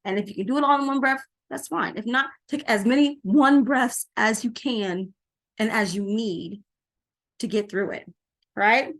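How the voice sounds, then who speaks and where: Middle-aged woman, parenting coach talking to camera; animated, laughs easily, repeats key phrases. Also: a little high, normal speed. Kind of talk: casual talk to camera.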